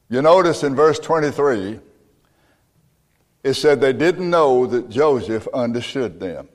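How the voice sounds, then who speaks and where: A man preaching a sermon as pastor, emphatic and building to loud peaks. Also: medium pitch, in a large hall. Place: church.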